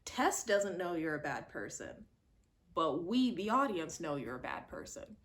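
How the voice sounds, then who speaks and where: A woman with a lowish voice talks casually through a horror movie. She is animated and expressive and jumps into quoted voices to act out scenes. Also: measured pace. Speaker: movie reviewer. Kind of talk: casual chat.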